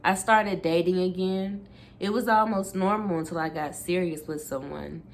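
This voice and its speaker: Low-voiced woman reading a memoir aloud. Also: a little hiss or hum. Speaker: booktuber.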